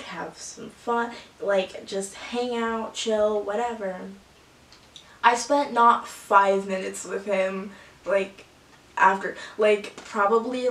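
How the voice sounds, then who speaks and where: A young woman telling a rambling story to her camera, full of 'like' and laughter. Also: mid-range voice. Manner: rambling, laughing often, filler-heavy with lots of 'like'. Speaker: vlogger. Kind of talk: casual storytime. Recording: echoey room, from a distance.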